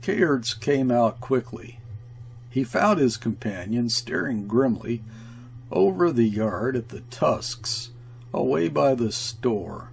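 A man reading a classic short story aloud in a slow, measured, grave manner. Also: medium pitch, sing-song, vocal fry, slight background noise. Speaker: audiobook reader. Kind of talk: scripted narration of a classic story.

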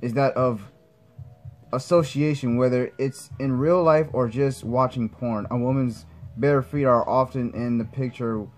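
A man hosting a casual chat with friends, reading out an article haltingly with fillers. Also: mid-range voice, steady tone, rough recording. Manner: reads aloud haltingly with fillers and skips text. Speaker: podcast host.

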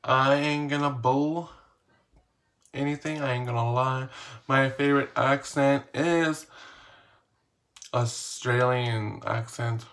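A man's voice: medium pitch, fairly even intonation, takes it slowly, long pauses, a bit bright. A man casually reading questions aloud and answering them in a playful, slangy, self-mocking vlog. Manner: reads each question aloud, then answers. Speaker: vlogger.

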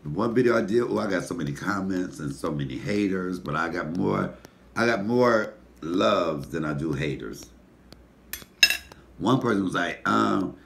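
A man with a deep voice, hosting a casual mukbang and telling animated, profane stories while he eats. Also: normal speed, gravelly, a little hiss or hum. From Detroit, USA. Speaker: comedian and mukbang host. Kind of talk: casual storytelling while eating.

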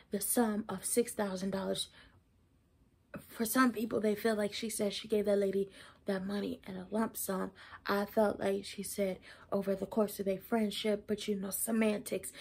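Hoarse young woman host, casual slangy rant, flat husky delivery. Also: medium pitch. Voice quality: husky, partly whispered. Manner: chatty, conversational, slangy. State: losing her voice, hoarse. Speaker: YouTube commentary host.

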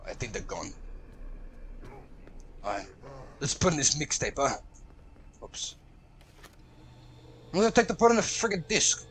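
A man hosting a let's play, reacting loudly and profanely, yelling at the game as he plays. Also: a little high, measured pace, pauses often, slight background noise. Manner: excitable, profane, shouts at the game. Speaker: gaming channel host.

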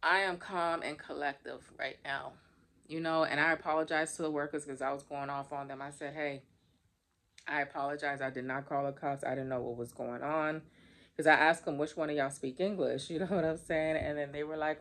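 A woman with a notably low-pitched voice tells her viewers a story in a casual vlog. She vents and talks straight to the camera, animated and chatty. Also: brisk. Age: adult. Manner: animated, venting, addresses viewers directly. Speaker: vlogger.

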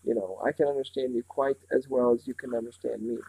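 A man reading a storybook aloud, voicing a smooth, menacing male villain who speaks blandly and condescendingly. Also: medium pitch, fairly even intonation, warm tone, dry recording, poor audio. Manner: bland, condescending, slow and patronizing.

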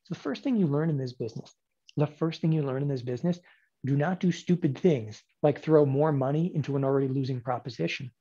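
A man in his forties teaching options trading in a lecture, emphatic and sarcastic, with animated bursts. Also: on the high side, fast talker, breathy edge, dull audio. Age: 40s.

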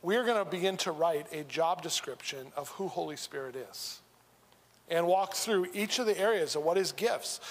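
A man's voice: on the high side, lively intonation, normal speed. A man preaching a sermon in a church, talking in a loose, joking way with many restarts. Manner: conversational, humorous, with frequent restarts. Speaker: pastor. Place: church sanctuary. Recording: reverberant church hall.

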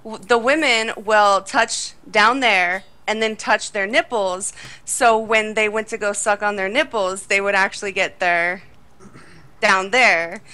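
Bright, chatty woman telling stories. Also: mid-range voice, a little slow, smooth. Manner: chatty storyteller with filler words. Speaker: game stream guest. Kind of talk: casual gaming chat.

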